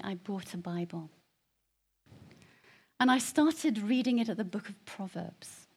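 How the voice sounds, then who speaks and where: A middle-aged woman giving a personal testimony to a congregation, telling her story dramatically and dropping to hushed whispers before rising to loud emphasis. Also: medium pitch, slightly rough. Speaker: guest speaker giving testimony.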